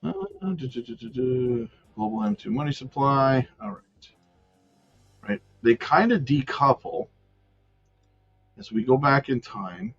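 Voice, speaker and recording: A man's voice: mid-range voice, a little slow, pauses often, a bit bright, slightly rough. A man hosting a crypto livestream in a loose, chatty manner, reading viewer comments and thinking aloud over charts. His level jumps up when he greets viewers and drops to mutters in between. The audio is a little dull and lo-fi, with faint music underneath. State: has the hiccups.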